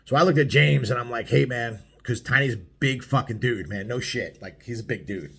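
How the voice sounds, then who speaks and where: A man's voice: mid-range voice, fairly quick, a bit bright, breathy edge. A middle-aged man telling a biker story in a casual vlog, swearing a lot and rambling with many fillers. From United States.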